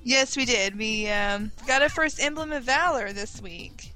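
A woman co-hosting a casual gaming podcast, explaining things clearly with light teasing. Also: a little high, a little slow, pushed and bright, soft background music, poor audio. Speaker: podcast co-host.

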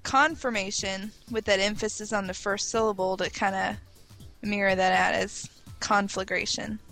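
A woman co-hosts a laid-back gaming podcast, explaining word meanings patiently and teasing her partner a little. Soft music runs faintly underneath. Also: mid-range voice, flat delivery, normal speed, poor audio. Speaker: podcast co-host. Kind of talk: casual gaming podcast chat.

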